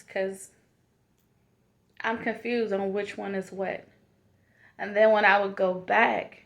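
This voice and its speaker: Slow, gravelly woman in her forties. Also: medium pitch. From South Carolina, USA. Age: 40s. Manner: heartfelt, calls the listener "honey". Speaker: vlogger. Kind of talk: motivational self-love talk.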